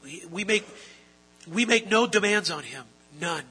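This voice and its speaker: A man, a pastor, preaching an earnest sermon, asking rhetorical questions and building to loud, emphatic stretches. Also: high-pitched, expressive, measured pace, slight background noise, poor audio. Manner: asks the audience rhetorical questions. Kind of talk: expository sermon.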